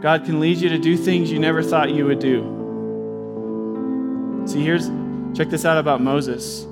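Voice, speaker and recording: A man preaching a sermon, animated, acting out God and Moses in quoted voices. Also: on the high side, unhurried, loud music behind the voice. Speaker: pastor.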